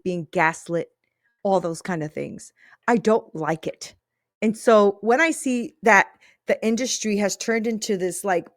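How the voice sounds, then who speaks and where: A woman's voice: medium pitch, dry recording, clean studio sound. A woman in her thirties hosting a faith-based podcast, talking casually and earnestly, often checking in with "right?". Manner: earnest, emphatic, often tag-asks "right?". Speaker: podcast host.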